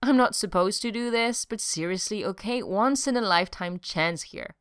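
A woman reading a brash, excitable man. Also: mid-range voice, moderate pace, smooth, no room sound, studio quality, voice pushed up, close to an everyday voice. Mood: excited. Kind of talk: audiobook reading.

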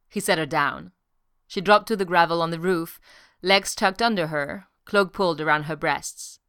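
Smooth low-voiced woman narrating. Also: normal speed, a bit bright, dry recording, clean studio sound. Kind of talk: audiobook narration of fan fiction.

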